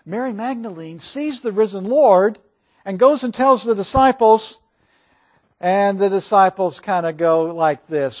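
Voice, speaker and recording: Male preacher, high voice, animated sermon, asks the audience questions. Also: normal speed.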